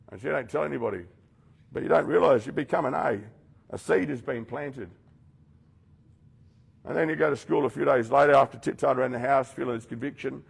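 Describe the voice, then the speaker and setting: Man, very gravelly and husky, blunt rehab speaker who calls out his listeners directly. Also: mid-range voice. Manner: blunt, addresses listeners directly, acts out quoted voices. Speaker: rehab program leader speaking to residents. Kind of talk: confronting motivational talk.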